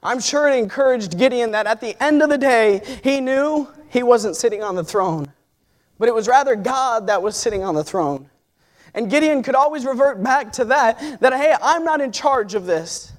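High-voiced man preaching a story sermon. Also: expressive, normal speed. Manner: personal storytelling with fillers and restarts; builds to loud, impassioned exhortation.

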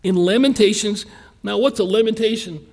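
High pitched guy preaching, folksy and earnest, slows down to hit the big lines. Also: darkish tone. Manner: folksy, earnest preaching with quick asides and slow emphatic stresses. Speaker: pastor. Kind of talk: sermon.

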